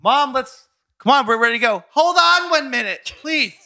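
A fussy middle-aged mother with a New Jersey twang, nagging about locked windows and break-ins, as a man puts her on in a high, shrill voice. She is bossy and quick to snap back when teased. The tone is sharp and bright. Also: expressive, exaggerated voice.

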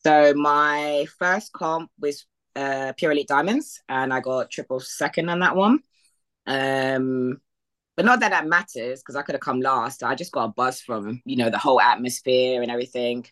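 A woman's voice: rumbling low, normal speed, fairly bright tone. A woman from the United Kingdom, a podcast guest, telling her story casually and acting out past conversations with lots of fillers. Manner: retells past conversations in quoted voices, with frequent fillers and laughs. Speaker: podcast guest, bodybuilding athlete.

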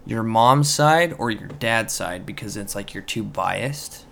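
A young man co-hosting a podcast, talking casually in a halting, rambling way full of fillers. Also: fairly low pitch, animated, gravelly, fairly bright tone. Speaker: podcast co-host. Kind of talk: casual chat. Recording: faint background noise.

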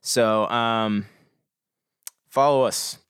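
A young man co-hosting a podcast in casual chat, ranting in a rambling, energetic way with stammered restarts. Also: medium pitch, very slow, smooth, dry recording, studio quality. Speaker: podcast co-host.

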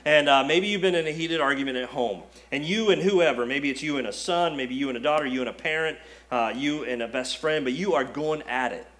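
A man's voice: on the high side, a little fast, hardly any pauses, a bit bright. A male pastor preaching a sermon in a conversational style, acting out quoted asides. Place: church sanctuary.

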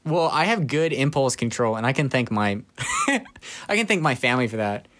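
A man's voice: medium pitch, wildly swooping pitch, moderate pace. Young guy, chatty podcast host, laughs through grim family anecdotes, does voices for quotes. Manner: laughs through dark childhood stories, quotes people in voices. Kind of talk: casual storytelling chat.

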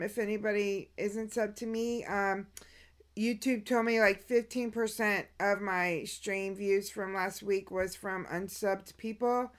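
A woman with a Southern US accent, co-hosting a podcast in relaxed, friendly casual chat. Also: medium pitch. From American South. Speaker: podcast co-host.

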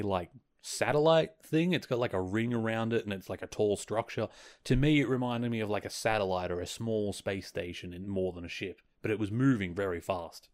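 Man, podcast host, lowish voice, casual recap, chatty, lots of "like". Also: darkish tone. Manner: chatty, many fillers, quotes characters in passing.

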